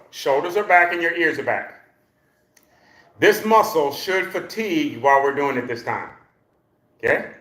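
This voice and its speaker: A man leading a live exercise class for seniors, counting reps loudly, joking and coaxing the class along. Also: a little high. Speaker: senior fitness instructor. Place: exercise room. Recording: echoey room.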